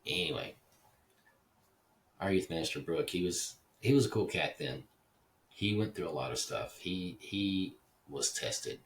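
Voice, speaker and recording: Very deep-voiced rambling man. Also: unhurried, pauses often, distant mic. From Dallas, Texas (Oak Cliff). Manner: rambling, digressive, swears casually. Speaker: podcast host. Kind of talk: casual monologue.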